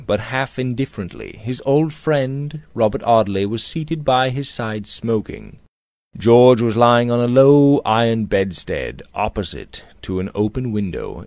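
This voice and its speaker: A man narrating a Victorian novel aloud in a measured, expressive storytelling manner. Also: medium pitch, dry recording. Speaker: audiobook narrator.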